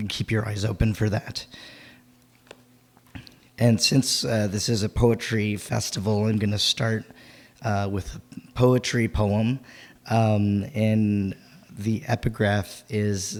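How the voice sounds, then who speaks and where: A male poet with a fairly low, level-toned voice is hoarse and gravelly from having lost his voice. He gives a live spoken word reading at a festival held at a winery venue, halting and using many fillers between poems, then reading each one more fully and forcefully.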